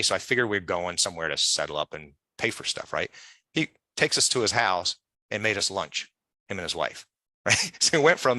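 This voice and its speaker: A man with a fairly low, expressive voice and a sharp tone talks at a quick pace, free of echo. Guesting in an interview, he tells long, rambling, casual stories and plays out the people he quotes.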